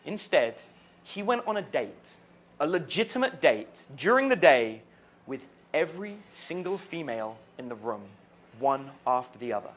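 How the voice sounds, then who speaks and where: A man, a dating coach, telling stories about a student in an animated way, laughing as he goes. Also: on the high side, normal speed. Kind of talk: storytelling to camera.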